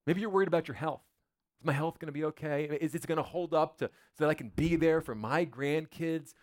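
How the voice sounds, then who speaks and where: A man's voice: a little high, a little fast. A male pastor preaching a sermon in a church, in a conversational, joking way full of rhetorical questions.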